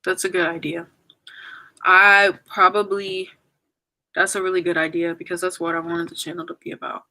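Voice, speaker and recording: Bright-voiced young woman fighting back tears. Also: lowish voice, flat delivery, normal speed, poor audio. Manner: emotional, apologetic, rambling with many fillers. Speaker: YouTuber saying goodbye on a livestream. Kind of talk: casual livestream chat reading comments.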